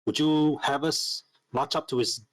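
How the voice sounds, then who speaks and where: A man playing in a tabletop game who asks polite, halting questions in character. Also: fairly high pitch, steady tone, dry recording. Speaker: player. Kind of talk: in-character tabletop role-play.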